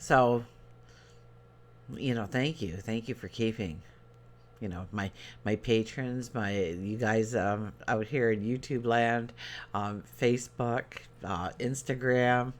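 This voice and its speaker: A man's voice: mid-range voice, slow. Earnest man giving a tarot reading. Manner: earnest, rambling, with many fillers and restarts. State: choked up. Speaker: tarot reader. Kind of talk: daily tarot reading to viewers.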